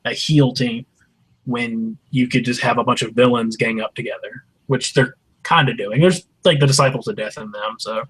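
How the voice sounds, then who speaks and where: A man co-hosting a casual wrestling review. He speaks in an ordinary middle-pitched voice, relaxed and agreeable, and freely gives his opinions. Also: normal speed, husky, rough recording. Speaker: co-host. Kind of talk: casual chat.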